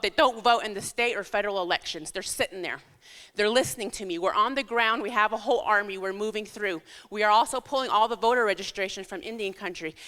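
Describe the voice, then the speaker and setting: A woman's voice: a little high, bright, forceful tone. A woman giving an urgent, pleading campaign speech in a church hall. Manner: urgent, pleading, grows tearful. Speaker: political candidate. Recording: echoey hall with long reverb.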